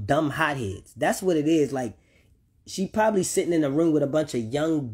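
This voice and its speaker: His pitch is fairly high, his tone a little mellow with a breathy edge. He's a man ranting to viewers about his children in an unscripted personal vlog, heated and repetitive, with plenty of swearing.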